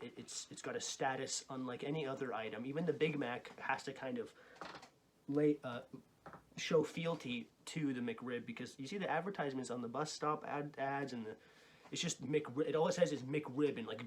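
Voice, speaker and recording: A man hosting a comedic food review vlog, rambling in mock-grandiose, deadpan tones with many fillers and restarts, in a small empty white room. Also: medium pitch, slight background noise. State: breathless with excitement.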